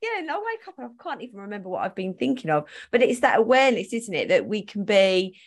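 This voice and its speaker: A woman's voice: medium pitch, big pitch swings, quick pace. Chatty woman hosting a podcast; casual, laughing, loose sentences. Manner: chatty, laughs often, trails off mid-sentence. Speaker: podcast host.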